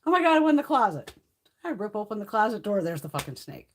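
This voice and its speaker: A woman's voice: medium pitch, big pitch swings, fast talker, a little hiss or hum. A woman hosting a casual livestream chat, swearing freely and laughing through her stories. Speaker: livestream host.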